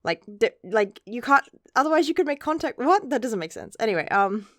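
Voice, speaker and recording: A woman's voice: a little high, big pitch swings, brisk, dry recording, clean studio sound. A woman giving a casual chapter review in a chatty, rambling way, swearing now and then. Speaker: manga reviewer.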